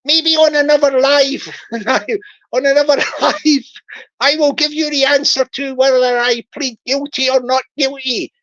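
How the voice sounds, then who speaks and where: A woman's voice: high-pitched, steady tone, a bit bright, muffled recording. A woman voicing a cheeky accused man who stalls and giggles while dodging a scam charge. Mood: stalling. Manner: evasive, giggling, drawn-out stalling.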